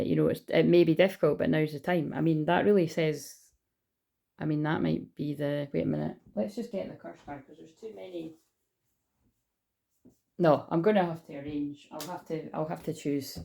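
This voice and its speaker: A woman's voice: fairly low pitch, creaky, warm tone. A woman doing a chatty, rambling card reading as a spiritual healer, with lots of restarts and asides.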